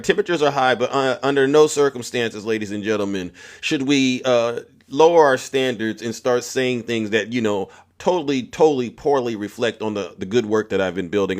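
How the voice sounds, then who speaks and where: A man's voice: medium pitch, a bit bright. A man hosting a political livestream, ranting combatively and speaking straight to his viewers. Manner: combative, repetitive, addresses audience directly. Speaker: livestream host. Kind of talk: heated political livestream rant.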